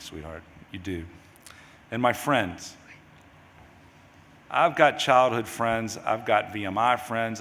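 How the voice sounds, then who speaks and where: A middle-aged grieving father giving a eulogy at a memorial service. He talks in a halting, rambling way, restarting his sentences. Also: low voice, a bit bright. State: grieving, voice near tears. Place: large memorial service hall. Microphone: microphone at a podium. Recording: hall reverb, faint background noise.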